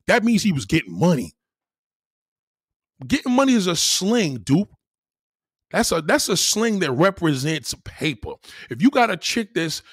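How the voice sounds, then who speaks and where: Male streamer, high-pitched husky voice, heated profane rant at chat, dry close mic. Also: normal speed, no room sound. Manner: loud, animated, profane, reacting to viewer comments. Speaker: livestream host.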